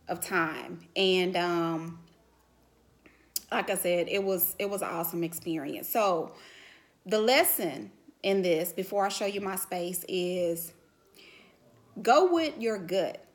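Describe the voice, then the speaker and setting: A middle-aged woman vlogger telling a personal story to camera in a casual, animated way, full of "you know" fillers and growing emotional. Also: fairly low pitch, takes it slowly.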